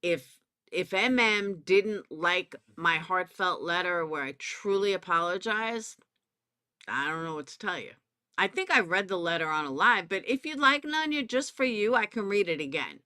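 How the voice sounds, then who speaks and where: Her fairly low voice is smooth yet sharp, moving at a moderate pace. She's a commentary YouTuber with a Southern US accent, ranting about drama with profanity and sarcasm while calling people out directly.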